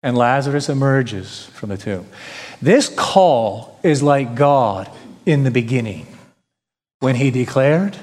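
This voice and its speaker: A man's voice: medium pitch, animated, takes it slowly, darkish tone. A male pastor preaching a sermon, emphatic, with rhetorical questions and repetition. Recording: long hall reverb.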